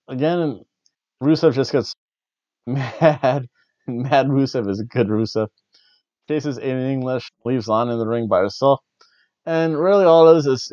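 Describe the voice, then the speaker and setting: Rambling, wry wrestling review host. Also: male voice, medium pitch, a little mellow, no echo, highs cut off. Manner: wry, rambling, jokey asides. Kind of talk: casual review chat.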